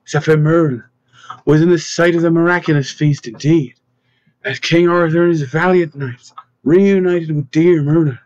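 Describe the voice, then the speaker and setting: A man's voice: on the high side, steady tone, moderate pace, darkish tone. A man narrating a fantasy storybook aloud, slipping small voice changes into the dialogue. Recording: dull, dry close recording.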